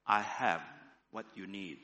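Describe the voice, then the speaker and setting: A preacher doing a calm, slow stranger. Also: male voice, long reverb tail, heavily acted. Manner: slow, low and gentle. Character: calm male stranger who builds a fire.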